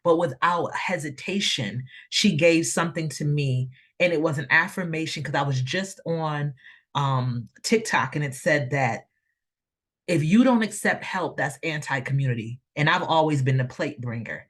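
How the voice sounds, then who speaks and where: A woman, a mother, hosting a panel over a video call and warmly thanking her panelists at its close. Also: sits low, normal speed. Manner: effusive, emotional, thankful. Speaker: host.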